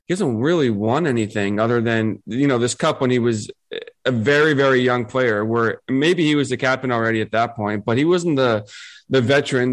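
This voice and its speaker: Guy cohost, skeptical and wry, ordinary middle voice, talks it through. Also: medium pitch. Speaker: podcast co-host. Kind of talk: casual sports chat.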